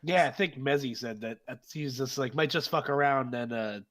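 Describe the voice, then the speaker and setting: A man with an ordinary mid-pitched voice chats loosely in a casual panel discussion. He hedges his points and leans on fillers as he goes. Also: moderate pace, a bit bright. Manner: loose, chatty, hedging with fillers.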